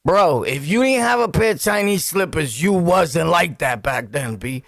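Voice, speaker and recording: Animated Brooklyn man telling street stories. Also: on the high side, moderate pace, no echo, studio quality. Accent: New York. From Brooklyn, New York. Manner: acts out scenes with loud yelps and sound effects; slangy, laughing, talks straight to viewers. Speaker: storytelling vlogger.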